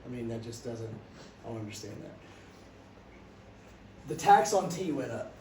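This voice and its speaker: A middle-aged man, teaching a class through animated stories and questions to students. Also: mid-range voice, moderate pace. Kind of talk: classroom storytelling lecture. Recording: echoey classroom, distant mic, background noise.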